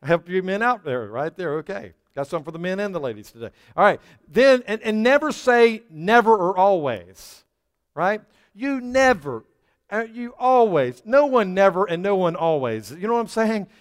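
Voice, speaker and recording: A middle-aged man preaching in a church, his voice high and smooth. He hammers points home with call-outs to the congregation, then drops into quiet asides. A long reverb trails every phrase through the sanctuary. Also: big pitch swings, normal speed. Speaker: pastor. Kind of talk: sermon.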